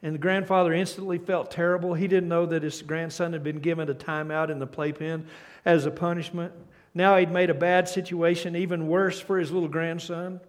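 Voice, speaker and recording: An older man preaches with a voice pitched a little high for a man. He talks earnestly, often stumbles and restarts, and sinks into quiet, hushed phrases when he stresses a point. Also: little pitch movement, brisk. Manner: earnest, with frequent restarts and repeated words; reads a story aloud and drops to a soft, hushed tone at key points. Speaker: pastor. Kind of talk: sermon.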